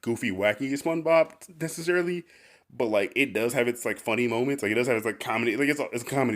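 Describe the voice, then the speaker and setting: A man's voice: on the low side, a bit bright. A man hosting a casual podcast, rambling with lots of fillers and laughing often. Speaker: podcast host.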